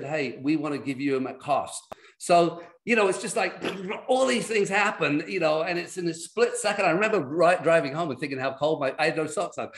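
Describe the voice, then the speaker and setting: A middle-aged man telling personal stories as a guest on a video call, in lively, animated storytelling. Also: fairly high pitch. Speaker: guest speaker.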